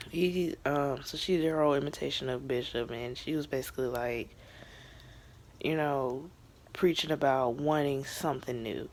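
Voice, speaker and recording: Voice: mid-range voice, darkish tone, slight background noise. A young adult recapping a TV episode in a casual vlog, talking in a chatty, emotional way with lots of fillers and some whispered asides. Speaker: TV show reviewer.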